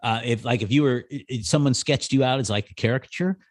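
A man's voice: mid-range voice, fast, dry recording, studio quality. A middle-aged man hosting a podcast on a video call, easygoing, thinking aloud with many "I think"s in casual conversation. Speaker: podcast host. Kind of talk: casual interview chat.

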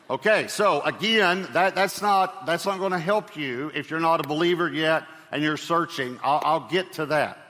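A man's voice: fairly high pitch, moderate pace, hardly any pauses, pushed and bright. A man preaching a sermon as pastor, speaking in a conversational way with fillers and light humor. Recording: long hall reverb.

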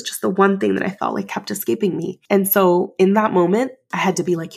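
Gravelly, husky woman telling her story. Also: fairly low pitch, lively intonation, a little fast, few pauses. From United States. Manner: candid and emotional, many fillers. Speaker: podcast host. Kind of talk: personal storytelling.

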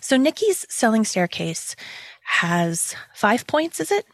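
A woman hosting a podcast interview, enthusiastic and quick to laugh. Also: on the high side, sing-song, no room sound. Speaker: podcast host. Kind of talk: casual interview chat.

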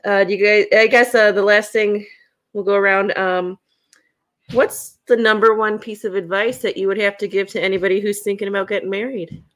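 A young woman hosting a podcast, telling personal stories in a casual, animated way and laughing often. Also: mid-range voice, fairly quick. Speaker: podcast host. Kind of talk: casual storytelling chat.

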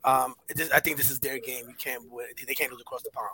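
A male panelist giving emphatic, quick sports opinions. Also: medium pitch, fairly even intonation, a crowd in the background, low-quality recording. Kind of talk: casual sports chat.

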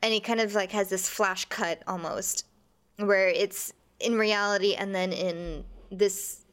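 A woman's voice: medium pitch, fairly even intonation, a little slow, a bit bright, clear, resonant tone. A woman co-hosting a podcast, casually retelling the scenes of a TV episode step by step. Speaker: podcast co-host. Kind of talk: casual chat recapping a TV episode.

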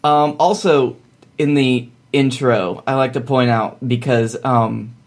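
A man co-hosting a casual theater podcast, talking with many fillers and pauses about a musical he loves. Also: mid-range voice, steady tone. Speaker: podcast co-host. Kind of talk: casual chat.

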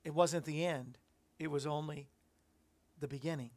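A man's voice: a little high, fairly even intonation, moderate pace, darkish tone. A man hosting a Christian radio commentary show, musing on scripture in a reflective, rambling way with frequent fillers. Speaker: host.

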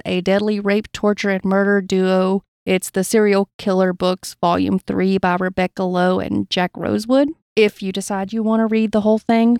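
A woman's voice: medium pitch, a little mellow, no echo, clean studio sound. A woman co-hosting a true crime podcast, reading from a case account with blunt personal asides. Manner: reads gravely, adds blunt asides. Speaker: podcast co-host.

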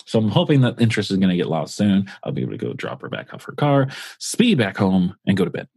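Podcast co-host, male, low husky voice, loose swearing storyteller, dry close mic. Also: very animated, quick pace, a little mellow, dry recording. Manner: rambling, profane, full of fillers. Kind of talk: casual storytelling.

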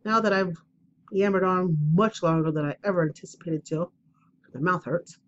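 A lowish-voiced woman talks at normal speed in a muffled recording with a bit of hiss or hum. Chatting indoors at home for her vlog, she rambles self-deprecatingly through stories ahead of an oracle card reading.

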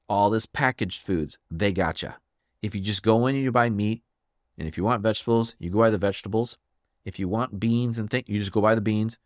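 A man hosting a solo podcast, ranting in a fired-up, emphatic way and swinging his pitch for effect. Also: no room sound, clean studio sound. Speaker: podcast host.

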